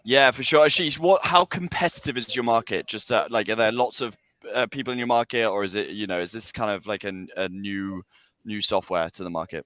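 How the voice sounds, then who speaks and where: Bright-voiced British man co-hosting. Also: fairly low pitch, brisk, no room sound. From Britain. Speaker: webinar co-host. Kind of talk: casual webinar chat.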